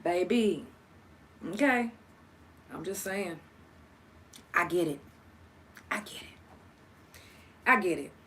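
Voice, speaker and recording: A woman's voice: lowish voice, takes it slowly, pauses often, slight background noise. A young woman hosting a casual solo podcast, cursing freely and talking straight to her listeners. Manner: profane, animated, talks to listeners directly. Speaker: podcast host.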